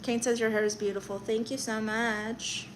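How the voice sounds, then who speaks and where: A woman's voice: a little high, little pitch movement, normal speed, slight background noise, low-quality recording. A woman comedian hosting a casual livestream, reading viewer comments aloud and answering them with sassy, teasing banter. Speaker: livestream host reading chat; stand-up comedian.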